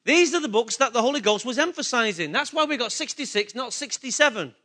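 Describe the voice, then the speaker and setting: A man's voice: extremely high pitch, expressive, fairly quick, sharp tone. A man preaching a sermon, emphatic and repetitive, asking the congregation rhetorical questions. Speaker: pastor.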